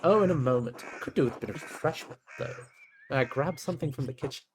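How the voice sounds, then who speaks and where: A man's voice: mid-range voice, fast, slight background noise, natural voice. A man voicing an eager male baron in a game, reading his lines in an affected formal way.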